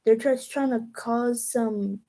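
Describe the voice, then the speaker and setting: A young woman with a mellow, fairly high voice gives a casual tarot reading. She talks slowly and thoughtfully, trailing off mid-sentence and starting over as she works through the cards. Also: fairly even intonation, rough recording. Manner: slow, musing, trails off and restarts. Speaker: tarot reader.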